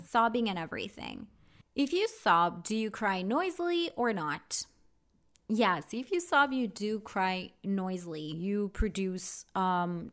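A woman giving a casual English vocabulary lesson, chatty and candid, often pausing with "um". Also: fairly low pitch. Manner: chatty, candid, with frequent ums. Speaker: English teacher.

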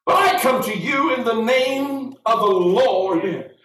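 A man's voice: extremely high pitch, expressive, takes it slowly, fairly bright tone, pitched above the performer's own voice, exaggerated voice. Man voicing a bold, defiant young shepherd. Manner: confident, declaring. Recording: roomy sound from far off.

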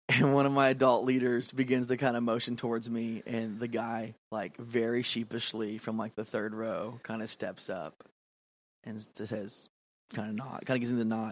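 Male podcast co-host, lively storyteller, dry close-miked sound. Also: mid-range voice, normal speed, no echo. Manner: animated, acts out quotes, laughs often. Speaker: podcast co-host, youth pastor. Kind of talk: casual storytelling chat.

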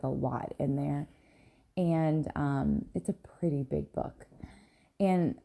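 A woman's voice: deep voice, gravelly, mellow. A woman hosting a casual solo podcast, talking candidly and a little rambling, with many ums and "right?" tags, tired and yawning in the early morning. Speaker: podcast host and business coach.

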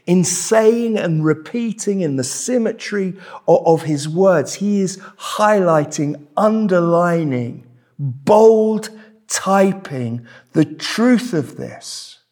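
Brief: pastor, husky, fairly high voice, emphatic sermon delivery in a church. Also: male voice, darkish tone. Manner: emphatic, repeats key words.

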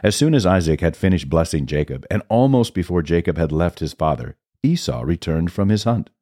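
A man hosting a podcast, reading scripture aloud at a steady, measured pace. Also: sits low, no room sound, clean studio sound.

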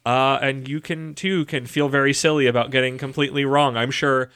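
A man's voice: mid-range voice, fairly even intonation, a little fast, a bit bright, smooth. A man co-hosting a podcast, chatting casually and rambling in a jokey, easygoing way. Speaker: podcast co-host. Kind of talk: casual chat.

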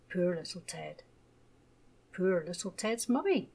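A woman gently reading a children's story aloud. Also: mid-range voice, expressive, husky. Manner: gentle, measured.

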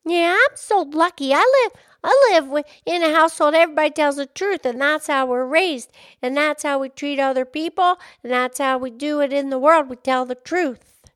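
A woman's voice: sits high, moderate pace, fairly bright tone, no room sound, clean studio sound. A woman co-host chatting casually in an emphatic, chatty way. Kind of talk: casual chat.

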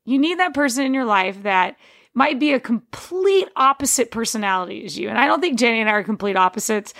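Woman with a gravelly vocal fry. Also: fairly high pitch, lively intonation, a little fast, a bit bright. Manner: rambling, digressive, frequent restarts. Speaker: podcast host. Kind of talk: casual personal monologue.

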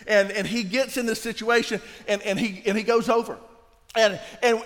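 Male pastor, high voice, emphatic sermon delivery that drops to a hush, long hall reverb. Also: normal speed. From Louisiana. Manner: emphatic, swinging from loud to hushed.

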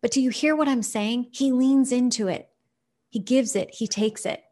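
A woman hosting a motivational podcast, who talks in an animated, emphatic way and fires direct rhetorical questions at her listeners. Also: on the high side, normal speed. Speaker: podcast host.

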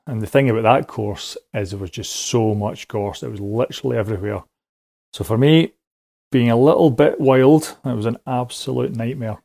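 A man's voice: medium pitch, normal speed, creaky, warm tone, dry recording. A man calling in with a story, rambling along with lots of ums and little laughs. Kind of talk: casual recorded voice message.

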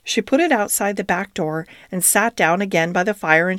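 A woman narrating a children's storybook in a gentle, expressive reading. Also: medium pitch, normal speed, hardly any pauses, dry recording, clean studio sound.

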